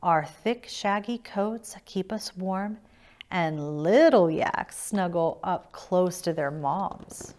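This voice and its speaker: A woman voicing a calm, kindly mother yak in a read-aloud storybook, speaking gently and reassuringly. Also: lowish voice, takes it slowly.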